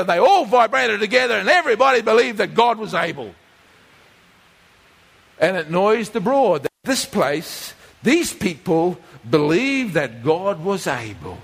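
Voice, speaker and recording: A man preaching a sermon, animated, acting out voices as he tells the story. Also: high voice, measured pace, creaky, husky, big-room sound. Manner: animated, acts out quoted voices like a whining child. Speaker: pastor.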